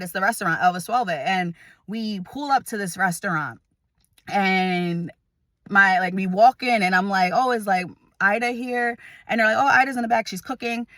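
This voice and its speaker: A woman's voice: fairly low pitch, a bit bright, no room sound, studio quality. A woman in her thirties from New Jersey telling a personal story in a chatty way, full of fillers, acting out the people she quotes. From New Jersey, USA. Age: 30s. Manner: chatty, many fillers, acts out quoted voices.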